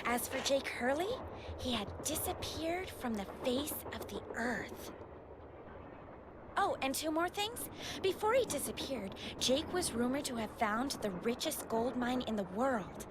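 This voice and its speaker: An actress voicing a woman in a video game who tells a spooky legend in a hushed, storytelling manner. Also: high voice, expressive, measured pace, background noise. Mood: ominous. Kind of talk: video game character acting.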